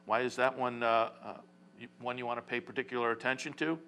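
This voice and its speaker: A man's voice: medium pitch, level tone, fast talker, sharp tone, a little hiss or hum. A man hosting a horse racing talk show, rambling casually with many fillers and restarts.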